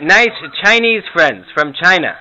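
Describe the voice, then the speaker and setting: Guy doing a high fussy old jewish granny, repeats everything loud, muffled noisy recording. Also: big pitch swings, a little slow. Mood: fussy, doting. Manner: chatty, repeats things loudly. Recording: lo-fi with loud background noise.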